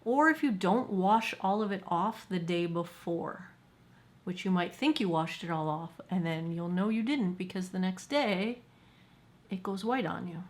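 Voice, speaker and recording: A woman's voice: fairly low pitch, measured pace. A woman in her forties doing a candid, self-deprecating makeup chat as a beauty vlogger, filmed at home. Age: 40s. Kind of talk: get-ready-with-me makeup chat.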